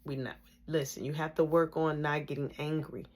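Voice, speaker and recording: A patient male martial arts instructor gives calm, soft-spoken advice to a beginner, played by a woman telling a story. The voice sits a little low and stays quiet and even. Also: fairly quick. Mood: calm coaching.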